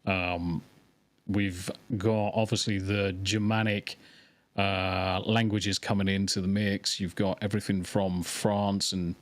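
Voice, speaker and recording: A man's voice: low voice, flat delivery, slow pace, no echo. A man from England with a mixed English accent, a guest chatting casually on a podcast and telling stories animatedly.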